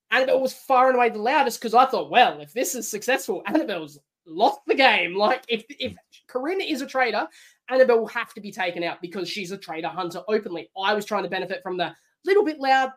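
Australian woman, podcast guest, lively and argumentative. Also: mid-range voice, fairly quick. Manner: animated, argumentative, acts out quotes. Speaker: podcast guest, former contestant. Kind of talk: casual podcast chat.

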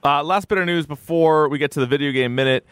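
A man's voice: on the high side, quick pace, clear, resonant tone, no echo, studio quality. A man co-hosting a podcast in casual chat, blunt and opinionated and cursing freely. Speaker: podcast co-host.

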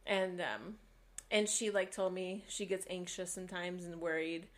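Soft-spoken young woman telling a story. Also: on the low side, normal speed. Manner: soft, rambling storytelling with fillers. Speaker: podcast co-host. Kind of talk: casual chat.

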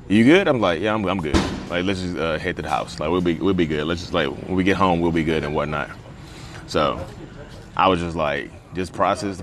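Deep-voiced man vlogging outdoors. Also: fairly bright tone, a little hiss or hum. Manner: rambling, conversational, many fillers. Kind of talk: casual talk to camera. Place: outdoors at the beach.

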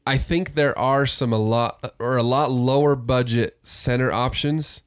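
A man in easy, casual sports chat, sure of his opinions and quick to laugh. His voice sits at an ordinary middle pitch. The sound is close and dry, with no room echo. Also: fairly even intonation, clean tone. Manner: laid-back, opinionated, laughs easily. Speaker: podcast co-host.

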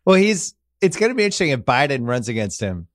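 A man's voice: medium pitch, sing-song, quick pace, no echo. A man hosting a podcast in a loose, joking chat. His voice sits in a middle range and he rambles from story to story. The sound is close and dry, with no room around him. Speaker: podcast host. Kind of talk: casual chat.

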